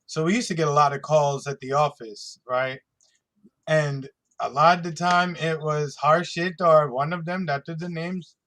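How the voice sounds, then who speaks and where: A man's voice: on the high side, steady tone, moderate pace, fairly bright tone. A man co-hosting a casual political talk show, telling stories in a laid-back way and laughing often. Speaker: podcast co-host. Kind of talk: casual chat.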